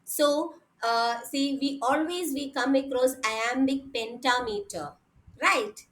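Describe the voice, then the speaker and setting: A woman lectures over an online call in a high voice. She talks slowly and methodically, going over each point more than once. She often pauses to check that her students are following. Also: fairly bright tone, poor audio.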